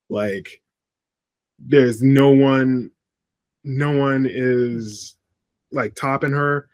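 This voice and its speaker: This podcast co-host, a man with a mid-range voice, chats casually about wrestling in a review style. He rambles, often halting on ums and restarting, and there's no room sound.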